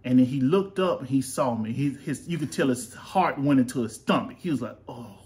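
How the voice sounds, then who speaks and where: A man hosts a casual family podcast at home. He rambles through long stories, full of ums and restarts. His pitch sits in the middle range. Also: a little fast, a little mellow. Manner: rambling storyteller, lots of fillers. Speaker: podcast host and father. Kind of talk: casual chat.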